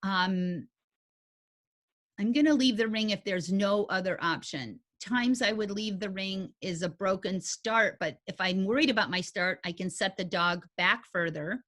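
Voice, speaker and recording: A woman instructor talking through dog agility training with her students. Her delivery is folksy and animated, with homey turns of phrase. Her pitch sits in an ordinary middle range. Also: a little slow. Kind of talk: conversational teaching talk.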